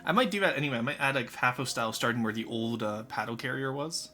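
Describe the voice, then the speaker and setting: A man's voice: medium pitch, fast, sharp tone, soft background music. A man streaming live, chatting casually with his chat while building in a game, rambling and swearing freely.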